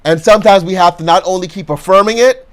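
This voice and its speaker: High-voiced male pastor, conversational motivational sermon, leads call-and-response affirmations. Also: quick pace. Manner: conversational, chatty asides.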